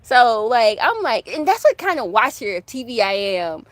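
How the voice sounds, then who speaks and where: A woman's voice: fairly high pitch, sing-song, normal speed, no room sound. A woman hosting her own channel, chatting casually and rambling through asides as she answers viewer questions. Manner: fan of classic TV soaps. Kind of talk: casual chat.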